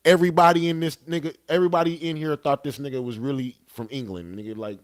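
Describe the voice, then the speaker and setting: A man's voice: a little high, steady tone, fast, few pauses. A young man telling a story casually as a podcast guest, laid-back and profane, often tagging lines with "you know what I'm saying.".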